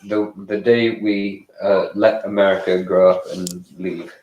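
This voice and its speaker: A man's voice: low voice, flat delivery, measured pace, a little mellow, roomy sound, muffled recording, a little hiss or hum. An English man with an English accent, a guest on a live stream, chatting casually in a dry, self-deprecating way. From England.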